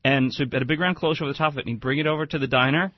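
A male radio host and restaurateur trades amused stories in casual banter. His voice is mid-pitched, close and dry, with a slightly dull, muffled tone. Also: racing, no room sound. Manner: chatty, amused storyteller.

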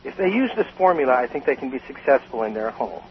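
An older man, a guest on a radio talk show, telling stories about bartending with animated emphasis. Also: mid-range voice, quick pace. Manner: animated storyteller, emphatic with laughs. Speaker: guest, cocktail author and former bartender. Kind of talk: radio interview. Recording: slightly dull radio sound with faint hiss.

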